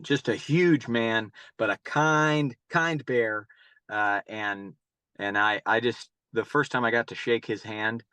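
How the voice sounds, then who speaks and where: A man's voice: mid-range voice, sharp tone, no room sound. A middle-aged man from North Carolina, a youth baseball coach, answering interview questions in long, rambling stories and often repeating his words. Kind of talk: casual interview storytelling.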